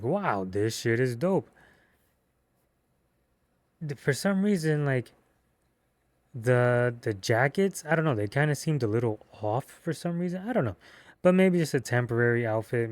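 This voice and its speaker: A man giving a casual movie review, excitable and slangy, with cursing and rambling restarts. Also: mid-range voice, normal speed, dry recording.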